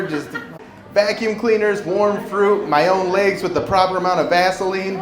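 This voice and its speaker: Stand-up comic guy in his 40s, kinda high voice, echoey club, big crowd laughing. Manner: animated storytelling, acting out quoted voices. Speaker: stand-up comedian. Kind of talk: stand-up comedy set. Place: comedy club stage. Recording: roomy live club recording with crowd laughter. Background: audience laughter.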